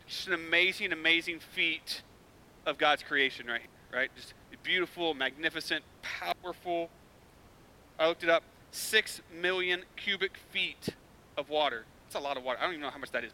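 A man's voice: a little high, pushed and bright, low-quality recording. A young man preaching a sermon as pastor, telling a story casually with filler words and building to emphatic points.

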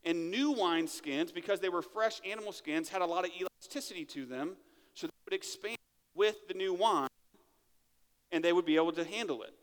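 A man's voice: sits high, fairly quick, smooth, long reverb tail. A man preaching a sermon in a church, talking in a conversational way and often checking in with "right?". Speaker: pastor. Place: church sanctuary.

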